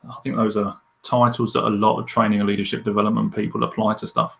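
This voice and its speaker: A man, talking as a leadership coach in a podcast interview. He is candid and animated as he tells stories. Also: lowish voice, fast talker, creaky.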